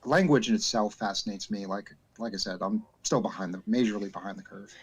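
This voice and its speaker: A game master chatting between sessions, a man with a fairly low voice. He speaks haltingly, padding his talk with "uh" and restarting his sentences. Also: breathy edge. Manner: halting, many "uh" fillers and repeated starts. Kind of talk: casual chat.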